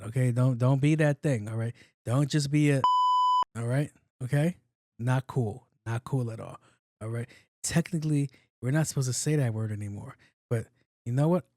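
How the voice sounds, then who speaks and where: A man's voice: medium pitch, very noisy. A man in his late thirties hosting a solo podcast, talking loosely and with lots of swearing, and he often repeats himself. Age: 30s. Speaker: podcast host. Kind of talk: casual solo podcast commentary.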